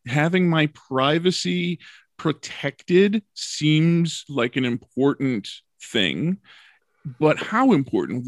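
Man, co-host, somewhat high voice, dry close mic, joking quick asides. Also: no echo. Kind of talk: casual chat.

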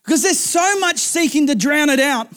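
High-pitched guy preaching, earnest and chatty, keeps repeating himself. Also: expressive, moderate pace, sharp tone. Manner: earnest, conversational, repeats words. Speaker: pastor. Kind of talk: sermon.

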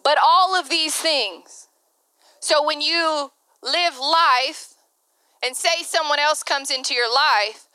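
Woman pastor in her thirties preaching, high bright voice, laughs a lot and does little voices, super dry close sound. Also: clean tone, no echo. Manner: candid, laughing often, acting out quoted voices. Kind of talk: sermon.

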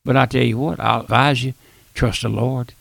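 A man's voice: mid-range voice, steady tone, moderate pace, creaky, breathy edge, dry recording. An older man preaching a fiery, boisterous radio sermon, folksy and repetitive.

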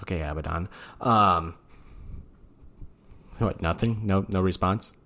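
A man co-hosting a podcast in casual chat, rambling from point to point with an excitable, profane manner. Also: low voice, slow, a little hiss or hum. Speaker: podcast co-host. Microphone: studio mic.

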